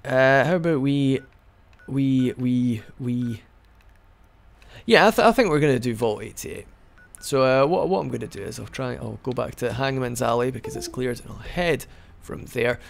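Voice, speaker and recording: A man's voice: mid-range voice, normal speed, vocal fry. A man giving casual, rambling let's-play commentary as he plays, joking and often restarting his sentences. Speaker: gaming video host.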